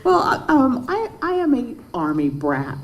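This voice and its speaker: Slow, lively-voiced woman author. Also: high voice, background noise. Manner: hesitant start, many fillers. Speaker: author panelist. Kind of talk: personal anecdote on a panel.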